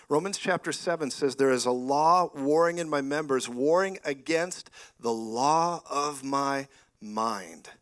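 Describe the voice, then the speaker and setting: A middle-aged man preaching a lively charismatic sermon, animated and often laughing, rising to loud exclamations. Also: mid-range voice.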